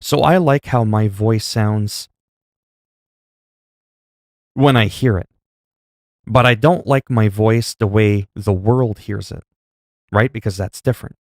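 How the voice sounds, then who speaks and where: A man from Canada chatting casually on a livestream, with a mellow, soothing voice and a rambling, joking, foul-mouthed manner. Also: on the low side, takes it slowly, pauses often, dry recording, clean studio sound. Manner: rambling, joking, heavy swearing.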